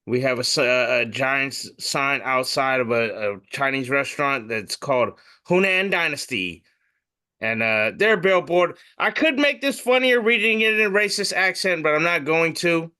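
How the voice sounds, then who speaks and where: A man's voice: fairly high pitch, expressive, moderate pace, pushed and bright, clear, resonant tone. A man co-hosting a casual comedy podcast, reading memes aloud and joking, swearing freely.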